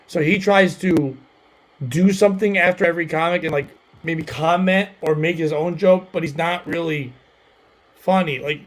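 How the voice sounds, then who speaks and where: Male comedy host, casual rambling anecdote, light raised pitch. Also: low-quality recording. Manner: rambling, filler-heavy, self-deprecating. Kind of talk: casual storytelling chat.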